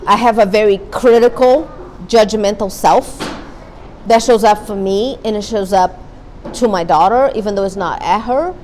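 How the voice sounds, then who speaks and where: A woman's voice: medium pitch, a little mellow, slight background noise, low-quality recording. A woman therapist giving an earnest, candid talk to a parent support group, repeating her key points. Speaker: guest speaker, therapist. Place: meeting room.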